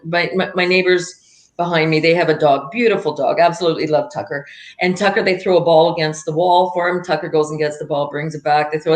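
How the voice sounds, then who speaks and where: A woman talks quickly in a lowish voice on a video call. Her sound bounces around an echoey room. She rambles through her anecdotes and acts out the voices. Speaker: spiritual live-stream co-host. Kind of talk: casual spiritual chat.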